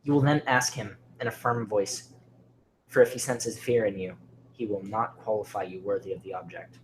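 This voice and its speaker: A man narrating a creepy horror story with dramatic delivery, often sinking to a hushed near-whisper. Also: fairly low pitch, moderate pace, a little hiss or hum.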